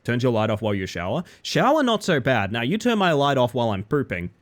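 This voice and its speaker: Young guy streaming, goofy banter with chat, super animated voice. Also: mid-range voice, fast. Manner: playful, joking, talks straight to chat. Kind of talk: casual live-stream chat while gaming.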